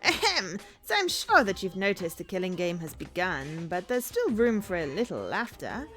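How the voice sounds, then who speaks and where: A woman's voice: fairly low pitch, big pitch swings, normal speed, fairly bright tone, faint music behind. A woman doing an impression of a gleeful, taunting male bear villain, with a theatrical, gloating delivery.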